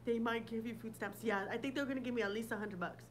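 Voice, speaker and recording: A woman's voice: fairly high pitch, fast, slight background noise, poor audio. A woman hosting a casual livestream, talking bluntly with lots of swearing and laughter while answering viewer comments. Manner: blunt, profane, laughing often. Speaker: livestream host.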